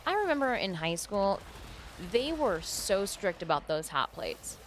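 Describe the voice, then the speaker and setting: A woman's voice: mid-range voice, very animated, unhurried, slight background noise. A woman chatting casually while streaming a video game, laughing often and rambling into asides at her desk mic. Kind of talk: casual chat while gaming.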